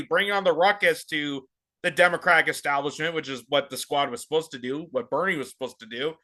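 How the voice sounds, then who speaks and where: A man with a high voice delivers heated, sarcastic political commentary. His tone is bright and cutting, and he rants at his target. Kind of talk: opinionated commentary.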